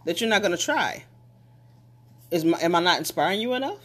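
A motivational speaker addresses listeners head-on with repeated, emphatic phrases. The delivery builds from reflective to forceful urging. Questions are fired straight at the audience, and the voice sits at a middle pitch. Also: expressive, fairly quick.

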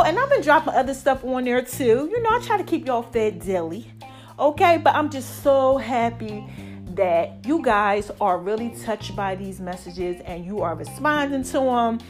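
A middle-aged woman hosting her podcast, talking in an animated, preachy way and a little out of breath. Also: fairly high pitch, moderate pace, soft background music. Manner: animated, preachy, hypes her shows, calls listeners y'all and baby. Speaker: podcast host. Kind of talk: casual monologue to listeners.

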